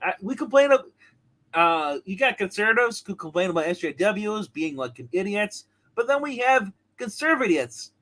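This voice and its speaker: Male co-host, high and bright tone, rambling and heated in casual review chat. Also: sing-song, normal speed, low-quality recording. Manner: rambling, with many restarts and heated rants. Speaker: co-host of a show reviewing comics and TV.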